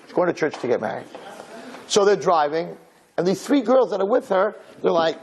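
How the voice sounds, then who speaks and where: A male rabbi telling a story in a sermon, animated and acting out voices, with Hebrew and Yiddish terms mixed in. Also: high-pitched, moderate pace, slightly rough, low-quality recording.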